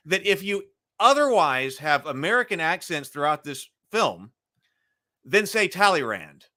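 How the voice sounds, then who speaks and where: A man's voice: on the high side, very animated, a little slow, pushed and bright. A man hosting a casual film discussion, talking in a rambling way with frequent restarts. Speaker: podcast host.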